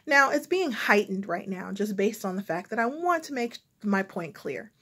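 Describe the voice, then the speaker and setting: A woman with a General American accent talks to her viewers in a casual, reflective vlog. She pauses often with ums as she gathers her thoughts, her voice sitting at an everyday middle pitch. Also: lively intonation, sharp tone, husky. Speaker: vlogger. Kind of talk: casual talk to camera.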